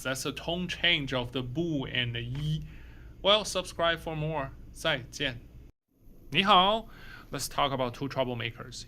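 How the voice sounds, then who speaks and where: Male teacher, slow, bright, slightly high delivery, drawn-out example words. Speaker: Mandarin teacher. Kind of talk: short video language lesson.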